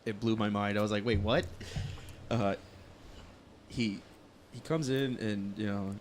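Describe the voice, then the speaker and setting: A man's voice: on the low side, steady tone, measured pace, slight background noise. A man on a casual podcast telling profane anecdotes. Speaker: podcast co-host.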